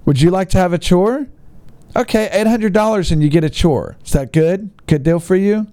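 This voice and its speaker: A man playing a lazy car seller with a pushy, mock-salesy pitch in a raised voice. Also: normal speed, dark tone, no room sound, lightly acted.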